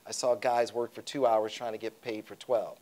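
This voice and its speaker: Animated storytelling man from Detroit. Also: on the low side, normal speed. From Detroit, USA. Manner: animated, acts out dialogue, chuckles often. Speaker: media company CEO, interview guest. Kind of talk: storytelling in an onstage fireside chat. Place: conference stage before an audience.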